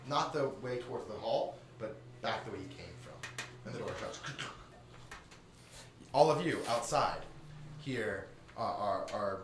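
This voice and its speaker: A man's voice: fairly low pitch, fairly bright tone. A man narrating a tabletop game as game master, rambling with restarts, in a roomy live stream recording. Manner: rambling, many fillers and restarts. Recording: roomy live stream audio, faint noise.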